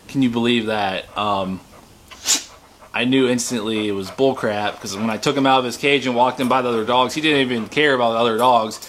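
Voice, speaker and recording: A man at home chatting casually into a handheld camera about his rescue dog, with a faint hiss behind him. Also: fairly bright tone. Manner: talks to dogs in a high baby voice, then chats casually. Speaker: dog owner. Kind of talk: casual home video chat.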